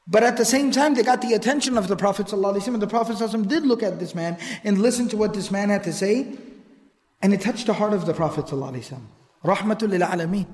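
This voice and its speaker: A man preaching a sermon, retelling old narrations with emphatic repetition and reciting Arabic quotations between English explanations. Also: high voice. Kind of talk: sermon storytelling. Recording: echoey hall with long reverb.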